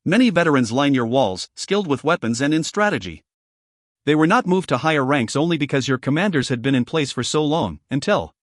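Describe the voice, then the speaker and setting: A poised woman knight captain in a fantasy audiobook, as a male narrator puts her on. She speaks formally and courteously, in a fairly high voice with dry, close sound. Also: expressive, a little fast, no room sound, lightly acted. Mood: respectful.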